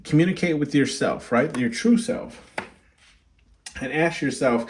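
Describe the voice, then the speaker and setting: A man's voice: a little high, unhurried, long pauses. A young man giving a casual tarot card reading, talking straight to his viewers and checking in often with "right?" and "okay?". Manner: chatty, frequent "right?" and "okay?" check-ins.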